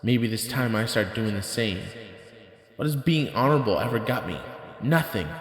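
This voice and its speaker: A man's voice: medium pitch, expressive, normal speed, natural voice. A man voicing an angry young male student who speaks bitterly about his troubles. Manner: bitter, brooding.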